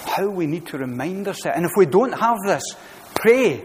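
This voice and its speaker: A man's voice: high-pitched, animated, moderate pace. A man pastor preaching an earnest, conversational sermon full of rhetorical questions, recorded in a church sanctuary. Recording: church hall reverb, faint room noise.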